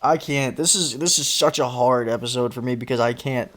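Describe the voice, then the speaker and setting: A man hosting a casual drinks-and-chat podcast, teasing his co-host and wandering through loose, rambling stories with plenty of swearing. His voice sits at an ordinary middle pitch. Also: fairly quick, fairly bright tone.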